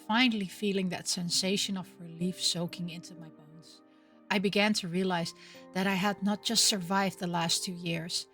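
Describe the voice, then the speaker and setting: A woman reading a visual novel aloud, softly narrating and breaking in with loud, excited asides. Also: lowish voice. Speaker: game streamer.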